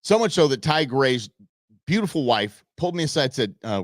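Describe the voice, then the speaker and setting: Animated male live-show host, dry sound. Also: mid-range voice, moderate pace, no echo. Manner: animated storyteller acting out quotes. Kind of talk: casual live-stream monologue. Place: home studio at a computer.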